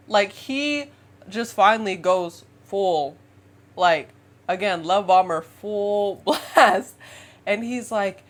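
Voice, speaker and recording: A woman in her twenties tells a dating story straight to her viewers in a casual storytime vlog. She is chatty and animated, calling her audience y'all and girl. She breaks into laughter often as she talks. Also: medium pitch, takes it slowly. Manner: laughs often while telling. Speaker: vlogger.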